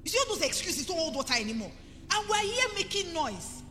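Nigerian woman pastor, middle-aged, emphatic sermon, bright and animated, echoing hall. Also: very high voice, a little fast. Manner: emphatic, rising to forceful preaching. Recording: reverberant hall with faint music.

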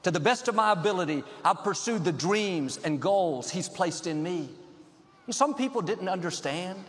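A man preaching a sermon as pastor, upbeat and measured, building points in rhythmic lists. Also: high voice, expressive, a bit bright, long reverb tail.

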